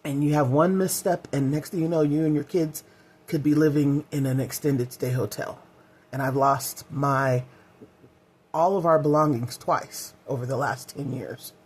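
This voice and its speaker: A woman's voice: deep voice, steady tone, normal speed, a little mellow, slightly rough. A middle-aged woman vlogging in a candid, heartfelt way, rambling with fillers as she talks. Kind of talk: casual personal vlog.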